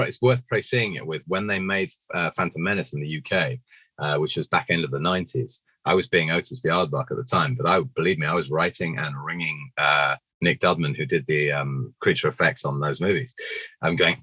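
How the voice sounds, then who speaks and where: A middle-aged British man with a deep, husky voice and a bright, forceful edge. He tells animated stories in a casual interview, dropping lively acted quotes along the way. The sound is dry and close. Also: dry recording, low-quality recording. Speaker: puppeteer guest.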